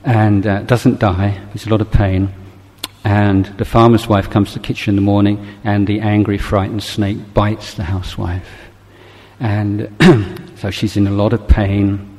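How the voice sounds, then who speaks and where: Low, flat-voiced male Buddhist teacher. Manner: gentle, halting, reflective. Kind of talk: dharma talk with storytelling. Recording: long hall reverb.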